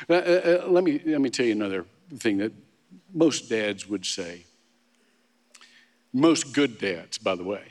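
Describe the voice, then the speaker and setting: A man's voice: medium pitch, expressive, unhurried, pauses often, darkish tone. A male pastor preaching a sermon in a casual, conversational way, with restarts and self-deprecating asides. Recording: long hall reverb.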